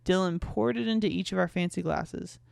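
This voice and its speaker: A woman's voice: on the low side, brisk, creaky, a little mellow. A young woman podcast host reading aloud a fanfic she wrote as a teen, tipsy and giggly, breaking off for asides. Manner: tipsy, giggly asides between read passages.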